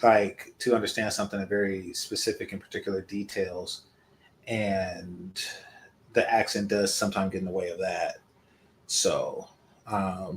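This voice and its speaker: Male host, lower register, unscripted meandering commentary, lots of filler pauses. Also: a bit bright, slight background noise. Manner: hesitant, many ums and restarts. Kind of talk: casual rambling commentary. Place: indoors in California.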